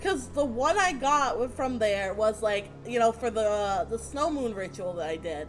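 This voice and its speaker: A woman streamer casually telling a rambling story, animated and swearing freely. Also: a little high, normal speed, soft background music.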